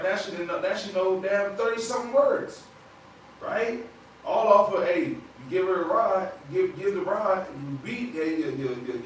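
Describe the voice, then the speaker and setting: A man with a slightly high voice leads a Bible study in loose, chatty talk, checking in with "right?" as he goes. He is heard from a distance in a very echoey room. A faint hiss runs underneath.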